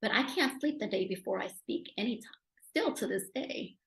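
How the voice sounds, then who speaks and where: A woman speaker and author telling her story in an interview, animated and emotional, getting louder at her high points. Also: moderate pace, gravelly. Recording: roomy echo.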